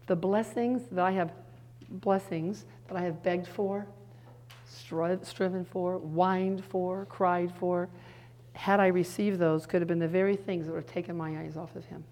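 A middle-aged woman giving an earnest sermon-style teaching, now and then dropping into soft hushed asides. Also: on the low side.

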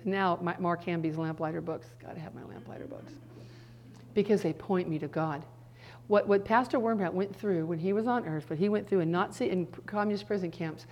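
A middle-aged woman giving a conversational Bible teaching, animated, swinging from soft, slow passages to emphatic bursts with quick asides. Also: fairly low pitch.

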